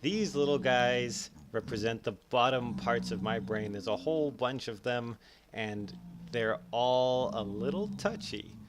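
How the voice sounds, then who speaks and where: A man explaining psychology in a casual, animated way over gameplay, acting out his own thoughts in quick bursts. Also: medium pitch, noisy background. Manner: animated, acts out his own inner voices. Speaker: educational YouTuber.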